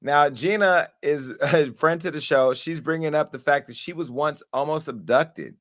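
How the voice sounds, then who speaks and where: A man's voice: on the high side, normal speed. Joking talk show host, a man. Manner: joking, animated, laughs often. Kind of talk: casual chat.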